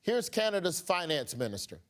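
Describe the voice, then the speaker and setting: A man's voice: high-pitched, sing-song, moderate pace, a bit bright. A man hosting a satirical news show with a punchy, joking delivery. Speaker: comedy news host.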